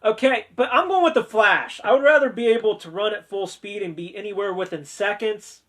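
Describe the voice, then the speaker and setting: High-voiced chatty man hosting. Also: brisk, fairly bright tone. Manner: chatty and joking, with playful sarcasm. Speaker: host of a discussion video. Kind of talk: casual chat.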